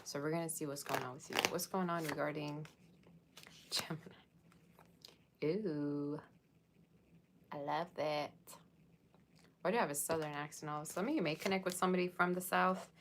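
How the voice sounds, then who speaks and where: A woman's voice: low-pitched, steady tone, fairly quick, a bit bright, slight background noise. A woman giving a casual tarot reading, chatting and rambling straight to her viewers. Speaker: tarot reader.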